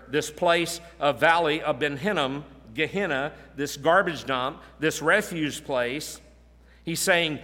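A man's voice: a little high, sharp tone. Earnest preaching man in reverberant hall. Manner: earnest, emphatic, repeats key phrases. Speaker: pastor. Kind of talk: expository sermon.

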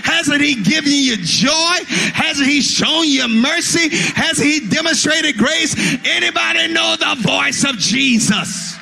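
A man preaching a sermon as pastor, building to shouted, sung calls. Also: very high voice, slow, creaky, hardly any pauses, a little hiss or hum.

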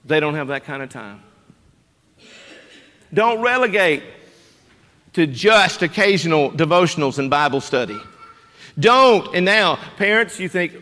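High-voiced preacher in a reverberant church. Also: male voice, big pitch swings, a little slow, pauses often. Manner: emphatic, rhetorical questions to the congregation, swings from loud to hushed. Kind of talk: sermon. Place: church sanctuary.

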